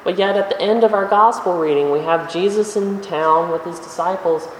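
A preacher giving a conversational sermon in a church, asking rhetorical questions and slowing down for emphasis. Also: medium pitch, far from the mic, a little hiss or hum. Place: church sanctuary. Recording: echoey hall, voice from afar.

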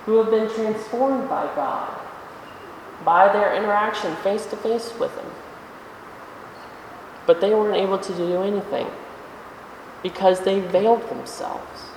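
A preacher giving a conversational sermon in a church, asking rhetorical questions and slowing down for emphasis. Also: medium pitch, recorded from a distance, slight background noise. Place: church sanctuary. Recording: echoey hall, voice from afar.

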